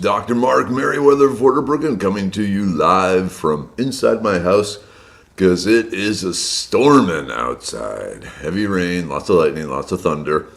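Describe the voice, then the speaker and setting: A man hosting a casual live stream from indoors at home, chatting and greeting viewers by name, his voice slightly hoarse. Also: low voice. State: slightly hoarse from a long day of loud speaking.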